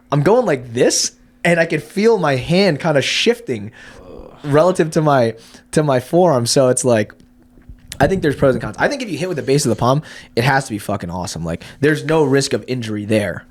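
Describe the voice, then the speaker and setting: A man's voice: medium pitch, brisk. A young man on a podcast, telling stories in casual chat with a lot of swearing and restarts. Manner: profane, animated storyteller who uses many restarts.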